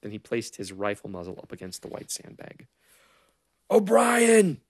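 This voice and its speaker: A man narrating a novel as an audiobook in a measured, understated way. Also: sits low, flat delivery, no room sound.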